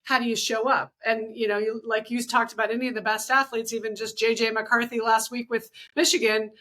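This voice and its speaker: A woman's voice: on the high side, little pitch movement, fairly quick, fairly bright tone. A woman hosting a podcast, chatting casually and often restarting her sentences as she thinks aloud. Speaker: podcast host.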